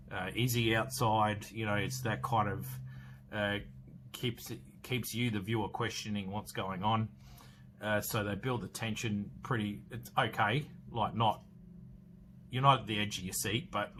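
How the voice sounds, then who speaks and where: A man's voice: on the low side, fairly bright tone, slight background noise. A man, hosting a podcast and casually recapping a horror film in a rambling way, full of fillers and restarts. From Australia. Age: 40s. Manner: rambling, filler-heavy storytelling with many restarts. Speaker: podcast host.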